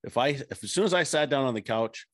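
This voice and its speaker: A man from the Pacific Northwest in casual chat, laid-back and halting, often starting sentences over. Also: medium pitch, lively intonation, no echo, studio quality.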